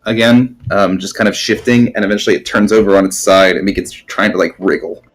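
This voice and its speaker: A man's voice: on the low side, steady tone, fairly quick. A man narrating as game master in a tabletop game, rambling with many ums and restarts.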